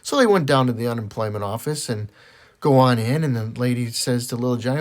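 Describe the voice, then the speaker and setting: A man telling dirty jokes, acting out the characters with sudden leaps in his voice. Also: brisk. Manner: animated, voices characters with big pitch jumps. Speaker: joke teller.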